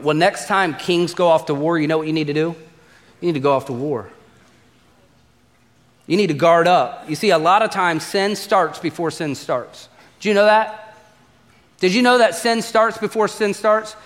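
A man's voice: high voice, fairly bright tone, long reverb tail. A male pastor preaching a sermon, emphatic, repeating refrains and putting direct questions to the congregation. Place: church auditorium.

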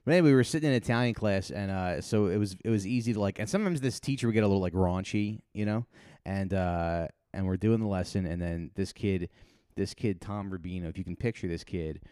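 A man's voice: low-pitched, fast, dark tone, smooth, no room sound, studio quality. A man co-hosting a comedy podcast, telling rambling anecdotes in casual chat and acting out the people in them. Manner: rambling storyteller, acts out voices in his anecdotes. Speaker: podcast co-host.

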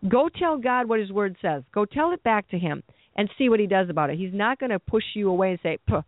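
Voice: mid-range voice, animated, brisk, no room sound. A preacher giving an earnest sermon, often repeating and restarting phrases as the thought builds. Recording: tinny phone-like dry recording.

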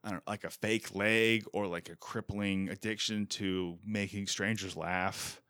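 A man in his thirties hosting a podcast, chatting casually with quick self-deprecating jokes. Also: on the low side, clear, resonant tone, no echo, studio quality. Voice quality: animated, jokey, self-deprecating. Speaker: podcast host. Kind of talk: casual chat.

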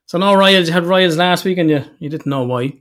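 A man's voice: high-pitched, fast talker, a bit bright. An Irish man hosting a casual chat, swearing freely and acting out quoted voices as he tells stories. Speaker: podcast host.

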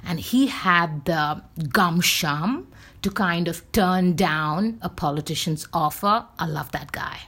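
A woman's voice: fairly low pitch, lively intonation, slow, fairly bright tone, breathy edge. A woman talking casually and bluntly in a rambling opinion monologue, with frequent fillers and restarts.

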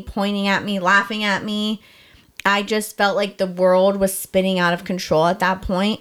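A woman's voice: medium pitch, fairly bright tone, clear, resonant tone. Woman telling a painful story candidly. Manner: emotional, fast, frequent "like" fillers. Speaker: podcast guest sharing her story.

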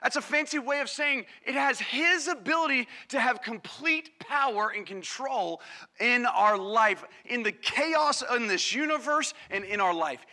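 A man preaching a sermon to a congregation, energetic and calling on the crowd, acting out quoted voices. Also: very high voice, a little slow. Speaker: pastor. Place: church service.

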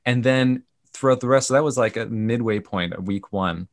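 A man, a camp organization's CEO, telling animated stories in a podcast interview and acting out the people in them. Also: mid-range voice, moderate pace, hardly any pauses, no echo. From Canada. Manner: animated retelling with quoted voices.

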